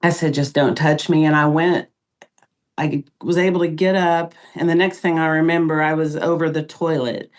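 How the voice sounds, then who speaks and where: In an emotional podcast interview, a middle-aged female guest tells what happened, her voice sitting low with little pitch movement. She stops and starts, leaning on pauses and fillers.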